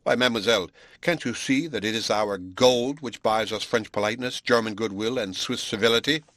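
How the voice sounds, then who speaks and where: A man's voice: fairly low pitch, a little fast, fairly bright tone, no echo, lightly acted. A man voicing a scornful, sneering Englishman in an audiobook, mocking and lecturing.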